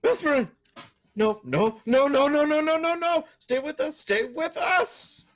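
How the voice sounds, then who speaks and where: A man's voice: fairly low pitch, slow, sharp tone, breathy edge, exaggerated voice. A man playing a fierce female fox kitsune. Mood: frantic. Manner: snarling, then frantic pleading.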